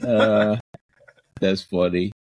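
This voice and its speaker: A man's voice: fairly low pitch, little pitch movement, extremely slow, darkish tone, poor audio. Casual man recapping a movie plot. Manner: rambling plot recap with restarts and playful quoted voices. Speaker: podcast co-host. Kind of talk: casual chat recapping a film.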